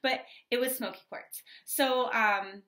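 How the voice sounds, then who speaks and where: Woman, tarot reader, bubbly, chatty, bright tone, echoey room. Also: on the high side, fairly even intonation, slow. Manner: bubbly, chatty, lots of fillers. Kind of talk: casual tarot reading vlog.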